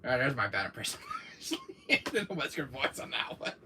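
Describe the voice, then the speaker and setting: A man's voice: mid-range voice, huge pitch swings, normal speed, background noise. A man hosting a gaming channel, chatting casually and animatedly about video games and laughing often.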